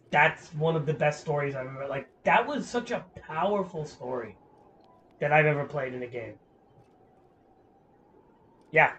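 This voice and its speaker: A man's voice: a little high, a bit bright, a little hiss or hum. A man streaming a game, chatting in a casual, rambling way, swearing freely and filling with "like". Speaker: gaming streamer.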